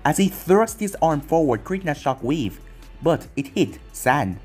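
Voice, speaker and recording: Husky man reading a fan story. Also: on the high side, sing-song, a little mellow, soft background music. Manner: plain, brisk storytelling. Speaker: fan fiction narrator.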